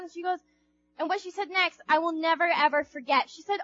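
A young woman delivers a casual, chatty sermon to a group, playfully acting out quotes and throwing questions at her listeners like a youth speaker. Her voice is high, bright and forceful, and she talks fairly quickly. The recording has its highs cut off, with faint music in the background.

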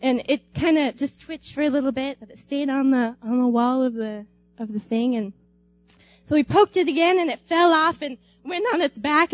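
A young woman telling a personal anecdote aloud in an animated way, laughing often and acting out screams. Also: extremely high pitch, dry recording, muffled recording. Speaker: storyteller.

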